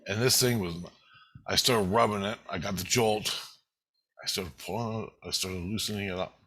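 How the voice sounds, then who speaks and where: A vlogger in his fifties gives an intense, emotional, rambling first-person account of a spiritual experience, swearing heavily. His lowish voice is pushed, bright, and slightly rough, with fairly even intonation at normal speed, on a rough recording.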